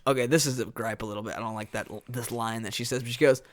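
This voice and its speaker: A man's voice: medium pitch, fast. Rambling young man chatting about a movie. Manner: rambling, animated retelling with laughs. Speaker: podcast co-host. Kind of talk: casual movie-review chat.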